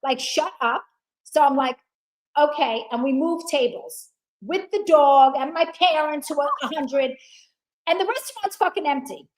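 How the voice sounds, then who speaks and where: A woman's voice: high-pitched, normal speed, rough recording. A woman telling a story in a casual chat, acting out the other people's lines and swearing freely. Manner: animated storyteller, acts out dialogue, swears. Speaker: guest.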